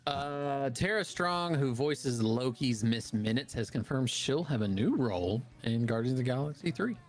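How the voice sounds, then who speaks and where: A man co-hosts a podcast and reads pop-culture news items in a relaxed, offhand way. He fills gaps with "uh" and "um" as he moves down the list. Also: medium pitch, moderate pace, soft background music. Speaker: podcast co-host reading news. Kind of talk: casual news rundown.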